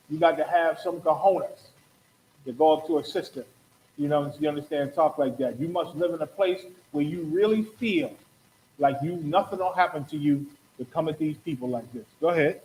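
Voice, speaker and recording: A high-pitched man preaching hard as host of a talk show, rhetorical and fired up, slipping into other voices to act out what people said. A faint ambient hum sits behind him. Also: a little mellow, low-quality recording. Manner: preachy, rhetorical, acts out quotes. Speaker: podcast host. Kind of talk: impassioned religious commentary.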